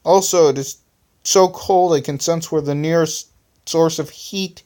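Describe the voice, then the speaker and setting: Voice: mid-range voice, unhurried, mellow, pitched above the performer's own voice, natural voice. Electronic, a reader doing a joking hero leader.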